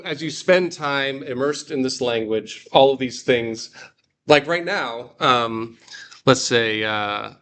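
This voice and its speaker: A man's voice: medium pitch, fairly bright tone, a little hiss or hum. A man leading a guided reading class, explaining step by step with frequent fillers and restarts. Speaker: Greek teacher.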